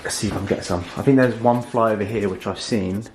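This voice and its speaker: A man, chatting casually at home as a fitness vlogger, cheeky and quick to swear. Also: fairly low pitch, steady tone, darkish tone. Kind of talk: casual vlog chat.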